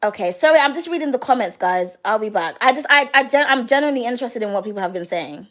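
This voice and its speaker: A woman's voice: fairly high pitch, lively intonation, quick pace. A young woman hosting a live tarot reading, chatting casually as she reads comments, laughing often and swearing freely. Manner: giggly, swears freely, loud outbursts.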